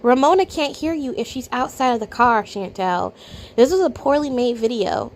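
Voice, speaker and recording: A woman with a high, bright voice reacts to a video with casual, blunt commentary, sounding incredulous as she drops to low mutters and then bursts out loud. Her intonation is lively at a moderate pace, over a faint hiss.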